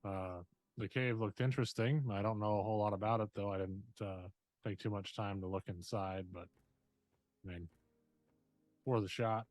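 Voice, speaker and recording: A man's voice: lowish voice, steady tone, normal speed, pauses often, a little mellow, no room sound. A man playing a tabletop role-playing game online, talking casually with fillers and hesitations. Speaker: player.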